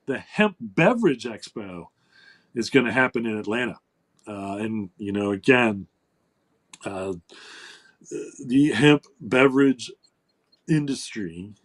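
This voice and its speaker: A man of middle pitch hosts a casual talk show. He rambles, stops and starts, and fills his pauses with ums and uhs. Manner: rambling, many fillers and restarts. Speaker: host.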